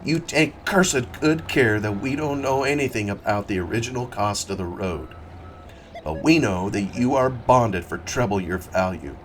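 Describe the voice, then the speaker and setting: A man's voice: fairly low pitch, moderate pace, slight background noise, close to an everyday voice. Man reading as a furious arguing man. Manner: heated, emphatic. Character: angry outspoken man arguing over rates.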